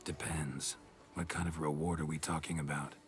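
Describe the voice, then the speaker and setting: A very deep, gruff witcher. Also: flat delivery, normal speed, slight background noise. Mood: dry. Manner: blunt, dry, clipped. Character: gruff, terse male monster-hunting witcher. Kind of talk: video game dialogue.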